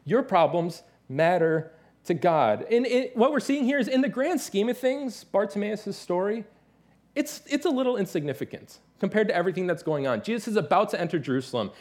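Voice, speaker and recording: A man in his thirties preaching a sermon as pastor, telling stories with lively, animated delivery and playful imitations. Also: sits high, a little fast. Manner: animated storytelling, mimics his toddler's excited voice.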